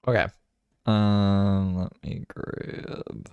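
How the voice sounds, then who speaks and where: Deep, gravelly, tired-sounding streamer. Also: male voice, fairly even intonation, very slow, darkish tone, dry recording, dull audio. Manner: laid-back, swearing, wry. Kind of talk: casual stream commentary.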